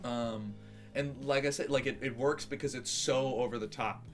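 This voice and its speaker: Animated man chatting about a film. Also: mid-range voice, moderate pace, soft background music. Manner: animated, laughs often, acts out quotes. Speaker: podcast co-host. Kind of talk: casual film discussion.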